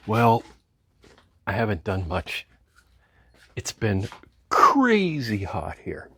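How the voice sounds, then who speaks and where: A man's voice: lowish voice, huge pitch swings, very slow, bright, forceful tone, husky. A man talking casually through a DIY car repair in his garage, rambling and joking wryly as he works. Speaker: home mechanic vlogger.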